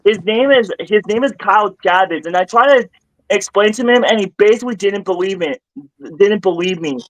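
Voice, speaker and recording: A man with a high voice talks on a home livestream. He rambles, repeats himself and climbs higher when upset. The sound is dry with no room echo. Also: brisk. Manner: rambling, repeats and restarts phrases, gets louder and higher when worked up. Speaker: streamer. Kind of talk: casual livestream chat.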